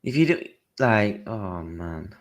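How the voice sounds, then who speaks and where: A young man with a fairly low voice, chatting about football on a livestream. He tells stories animatedly, acts out both sides of an exchange, and talks in blunt slang with the odd mild swear. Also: slow pace. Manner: animated storytelling, acting out his own and others' lines. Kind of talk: casual football chat.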